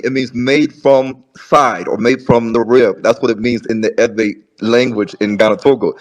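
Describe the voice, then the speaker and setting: Male debater, mid pitch, rambling with lots of restarts, long word lists. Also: steady tone, poor audio. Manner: repeats words, many restarts, rapid lists of words. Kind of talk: debate argument.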